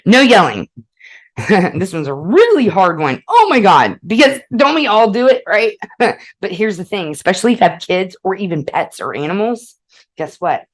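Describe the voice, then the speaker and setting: A woman's voice: medium pitch, sing-song, moderate pace, rough recording. A woman hosting a relationship advice podcast, mixing read passages with blunt, profane asides and frequent "okay?" check-ins. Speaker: podcast host.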